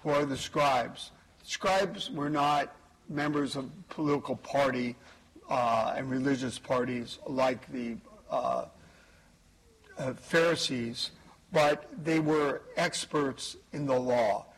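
Priest, male, slow deliberate homily, slightly husky tone, leans on key words. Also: mid-range voice, steady tone, fairly bright tone, poor audio. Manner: slow, measured preaching with pauses and emphasis. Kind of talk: homily at Mass.

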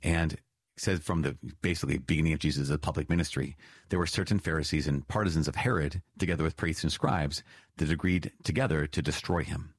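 A man with a very low, slightly husky voice walks listeners through a catechism reading. He explains earnestly and repeats key points with emphatic lifts. The sound is dry and close. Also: fairly quick, no room sound. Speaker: priest teaching the Catechism. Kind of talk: spoken teaching commentary on a reading.

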